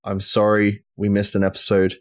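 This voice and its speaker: A man hosting a gaming podcast in a relaxed, joking way, swearing casually. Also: fairly low pitch, normal speed. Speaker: podcast host.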